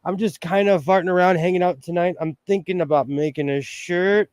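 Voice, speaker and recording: A man's voice: high voice, steady tone, a little fast, darkish tone, clear, resonant tone, no echo. A man from the United States hosting a casual sewing live stream, chatty and playful, laughing often as he talks to viewers from his home sewing room. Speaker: sewing livestream host.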